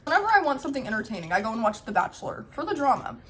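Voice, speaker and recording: A woman's voice: fairly high pitch, very animated, very fast. A young woman in her twenties talking candidly to camera at home as a family vlogger, reflective and loose, with plenty of "um" and "like". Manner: candid, reflective, many "um" and "like" fillers. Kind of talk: casual talk to camera. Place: home, with a baby in her arms. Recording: faint background noise.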